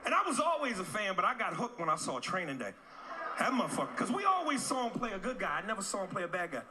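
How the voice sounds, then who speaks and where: A man doing stand-up with a brash, profane and animated delivery and a voice that sits high for a man. He works a club stage. The set is caught on a loud, noisy live recording. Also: fast. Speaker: stand-up comedian. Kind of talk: stand-up comedy.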